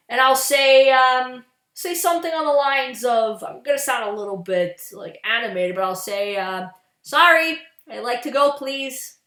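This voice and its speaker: A woman's voice: sits high, a bit bright, reverberant. A woman vlogger ranting in exasperation, swearing freely and often restarting her sentences. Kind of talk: profane ranting commentary.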